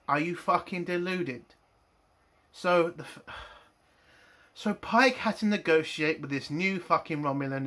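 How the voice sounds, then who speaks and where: A man's voice: fairly high pitch, sharp tone. A man giving a blunt, exasperated TV review, full of swearing and frustration. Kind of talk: ranting review monologue.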